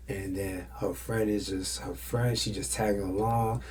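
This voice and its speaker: A man hosting a podcast, telling a story in a loose, animated way and acting out the other people's lines. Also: fairly low pitch, measured pace, a little hiss or hum. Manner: animated storytelling, acts out quotes. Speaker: podcast host.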